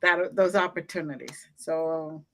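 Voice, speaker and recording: A woman co-hosting an interview, speaking in an unhurried, reflective and encouraging way. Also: low voice, steady tone, a bit bright. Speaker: co-host interviewer. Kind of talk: casual interview chat.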